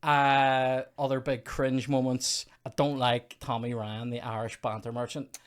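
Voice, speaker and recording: A man's voice: mid-range voice, flat delivery, measured pace. A man hosting a comedy podcast, ranting in mock outrage and casual chat about a film.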